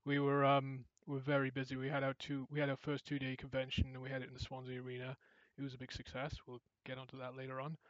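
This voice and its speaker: Speaking fast with few pauses, this podcast co-host has a mid-range voice captured in a dry, dull, lo-fi recording. His talk is a casual chat, full of animated storytelling in which he performs the lines of the people he describes.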